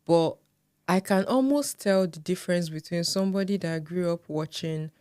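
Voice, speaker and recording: A woman co-hosting a podcast in relaxed casual chat, often murmuring agreement. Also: fairly low pitch, normal speed, clear, resonant tone, no room sound, clean studio sound. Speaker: podcast co-host.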